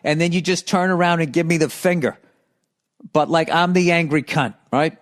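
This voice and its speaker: A man's voice: a little high, steady tone, normal speed. A middle-aged man hosting a podcast, ranting sarcastically and profanely about cyclists while reading listener letters. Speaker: podcast host.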